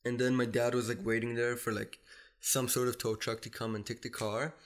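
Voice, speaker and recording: A man's voice: medium pitch, flat delivery, fairly quick. Rambling man telling a story, "like" every few words. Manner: rambling storyteller, says "like" constantly, acts out family voices. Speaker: podcast guest. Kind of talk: casual storytelling.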